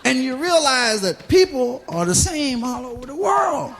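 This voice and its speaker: A man doing a stand-up routine, telling profane stories loudly and laughing along with his own jokes. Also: very high-pitched, lively intonation, a little slow. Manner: loud, profane storytelling that keeps breaking into laughter. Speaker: stand-up comedian. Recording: noisy live recording.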